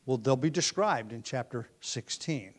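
A man with a mid-range voice teaches verse by verse through a Bible passage. He explains each point patiently, pausing on ums and restarting phrases as he works through it. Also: mid-range voice, lively intonation.

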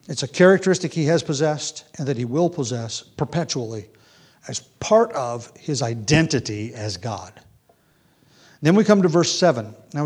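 Preacher, male, fairly high voice, teaching at a measured pace, a thoughtful explainer with small restarts. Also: a little mellow. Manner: reads quotations aloud with rising emphasis. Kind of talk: expository Bible teaching.

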